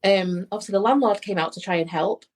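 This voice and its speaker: Podcast guest: woman, a medium, chatty and rambling, does the voices of the people in her story, mid-pitched voice. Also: fast talker. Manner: rambling, restarts, acts out quoted voices. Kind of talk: casual heartfelt storytelling.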